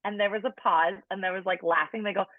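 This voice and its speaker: Her intonation stays fairly even as she talks fast in a mid-range voice. She's a podcast guest in her late thirties telling her own story conversationally, chatty and heavy on "like," acting out quoted people; the sound is tinny, phone-like, and dry with no echo.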